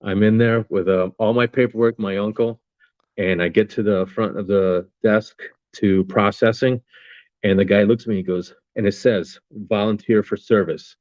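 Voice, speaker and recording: Low-voiced blunt man in his fifties. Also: steady tone, moderate pace, a little mellow, no room sound, lo-fi sound. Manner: blunt, profane, with many fillers. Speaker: podcast guest, army veteran. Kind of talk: casual storytelling interview.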